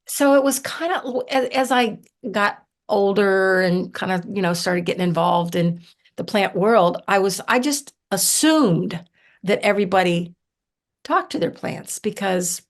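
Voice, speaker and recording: A woman from southern Ohio, a guest on a podcast, telling stories in an animated, chatty way with many fillers. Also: mid-range voice, a little slow. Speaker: herbalist guest. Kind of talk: casual storytelling interview.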